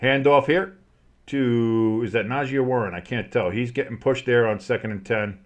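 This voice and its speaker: A man calling a football game play-by-play for a fan stream. He chats loosely with crude jokes, then shouts with excitement when a big play happens. His voice sits at an ordinary middle pitch. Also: normal speed. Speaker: play-by-play host.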